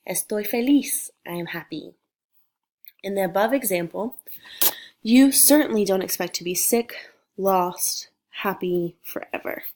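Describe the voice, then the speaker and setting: A woman, a Spanish teacher with a cold and sniffles, giving a patient, clearly explained recorded lecture. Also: mid-range voice, darkish tone. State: sick with sniffles.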